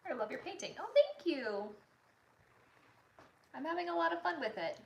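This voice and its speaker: A woman's voice: sits high, very animated, normal speed, vocal fry, lo-fi sound. A woman chatting casually with her livestream viewers, reading their comments aloud and apologizing often, recorded from a distant mic in a roomy space. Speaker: artist streamer.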